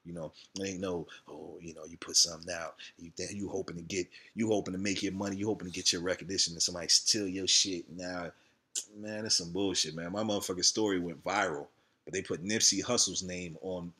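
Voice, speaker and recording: A man's voice: low-pitched, steady tone, fairly quick, bright, forceful tone, slightly rough. A man, ranting heatedly and profanely in a casual vlog about his channel. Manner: profane, heated, repetitive venting. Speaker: video creator.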